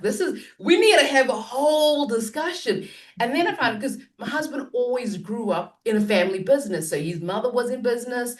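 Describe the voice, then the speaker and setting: A woman on a panel telling her own story, animated, laughing and acting out the voices in it. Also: medium pitch, distant mic. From Africa. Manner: animated, laughing, acts out dialogue.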